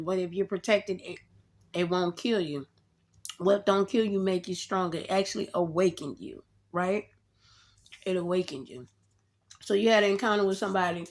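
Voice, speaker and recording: A woman giving a casual tarot reading straight to the viewer, animated and slangy, laughing often as she talks. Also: lowish voice. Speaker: tarot reader.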